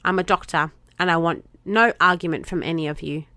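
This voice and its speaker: A woman voicing a brisk, determined female Starfleet doctor who talks firmly and insistently in a fan audio drama. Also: on the low side, pushed and bright, dry recording. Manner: firm, insistent.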